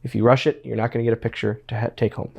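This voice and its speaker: Male guest, gravelly, middle pitch, rambling anecdotal storyteller who repeats himself. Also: little pitch movement, racing. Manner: rambling, repeats words, quotes others in his stories. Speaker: interview guest, former pro wrestler. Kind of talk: casual storytelling interview.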